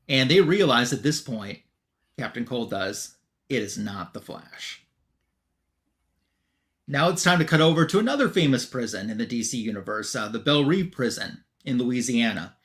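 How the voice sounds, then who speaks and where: A male podcast host casually recapping a comic book story, sprinkling in filler words and quick quoted asides. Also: mid-range voice, fairly bright tone.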